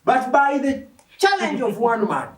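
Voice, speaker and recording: At a measured pace, a male preacher delivers an emphatic, animated sermon, frequently questioning his congregation, with wide swings in pitch. He's picked up from afar in an echoing hall, a crowd audible in the background.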